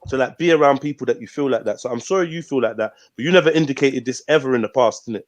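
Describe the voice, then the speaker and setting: Fast-talking man brushing off a complaint. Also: mid-range voice. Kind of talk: heated live-stream argument.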